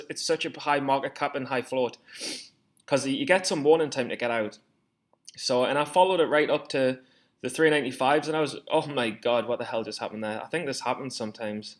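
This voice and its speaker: Man, 20s, casual vlogger; rambling, self-deprecating, frequent swearing, middle pitch. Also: brisk. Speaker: stock trading vlogger. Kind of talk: casual screen-share commentary.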